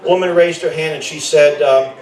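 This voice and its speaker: High-voiced middle-aged man, echoey and distant. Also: fairly even intonation, moderate pace, a little mellow. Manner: rambling, with frequent self-corrections and joking asides. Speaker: camp director speaking at a rally. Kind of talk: informal rally speech.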